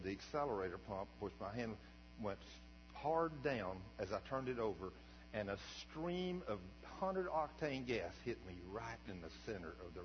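An older man preaching as a pastor, telling a story in a folksy, animated way that swings from quiet asides to shouts. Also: fairly high pitch. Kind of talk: sermon storytelling. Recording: dull recording with long hall reverb and mains hum.

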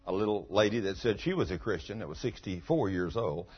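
A man's voice: lowish voice, lively intonation, fairly quick, husky. A man preaching in a folksy sermon, telling a testimony and rising to fervent outbursts. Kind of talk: sermon storytelling. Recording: dull lo-fi recording.

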